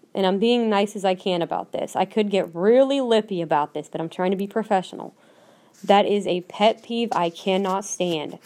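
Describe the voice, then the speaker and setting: Speaking at a normal speed, this Minnesota woman has a mid-range voice with a darkish tone. She runs a solo podcast rant, blunt and forceful, circling back to repeat what she's said.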